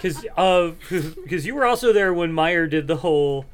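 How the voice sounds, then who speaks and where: A man's voice: on the high side, expressive, moderate pace. A man co-hosting a podcast in casual chat, stumbling over words with restarts and laughing often. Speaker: podcast co-host.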